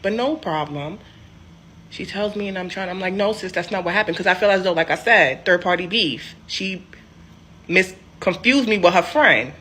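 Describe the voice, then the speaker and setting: A young woman telling a personal story in a casual, animated, sassy way. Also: on the low side, normal speed, slight background noise. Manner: animated, sassy, emphatic swings.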